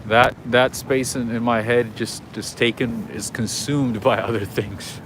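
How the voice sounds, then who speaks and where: A man's voice: medium pitch, steady tone, unhurried. A man hosting a casual walking livestream outdoors, rambling and chatting with his viewers in a self-deprecating way. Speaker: livestream host. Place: city streets outdoors. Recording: noisy outdoor street recording. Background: traffic and street noise.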